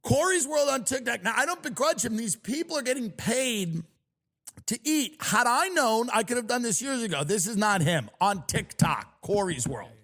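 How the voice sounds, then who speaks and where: Guy on a podcast going off, high voice jumping all over, mocking everything. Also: lively intonation, normal speed. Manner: loud, mocking, exaggerated. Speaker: podcast host. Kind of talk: comedic rant.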